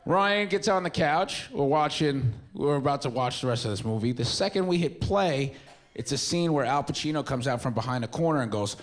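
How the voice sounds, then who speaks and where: This young stand-up comedian has a fairly high, animated voice and a brisk delivery. On a theater stage before a live audience, he tells loose, mumbly stories and acts out quotes.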